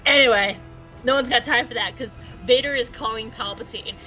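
A woman's voice: a little high, fairly quick, bright, forceful tone, soft background music, poor audio. A woman co-hosting a podcast, recapping an episode in a chatty, jokey way. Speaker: podcast co-host.

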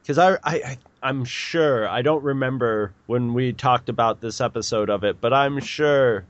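A man's voice: medium pitch, moderate pace, no room sound, dull audio. A man in his forties co-hosting a podcast, chatting casually and rambling with restarts. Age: 40s. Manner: rambling, with many restarts and laughs. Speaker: podcast co-host. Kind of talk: casual chat.

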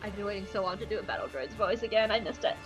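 A woman's voice: medium pitch, animated, rapid-fire, highs cut off, soft background music. A woman podcast host giving a casual, sarcastic and playful episode recap. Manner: sarcastic and playful, jumps into voices.

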